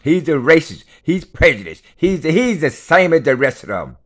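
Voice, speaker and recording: A man with a somewhat high-pitched voice rants with no script. He lectures bluntly and swears freely, repeating lines to hammer his points home. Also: very animated, normal speed. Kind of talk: unscripted rant to camera.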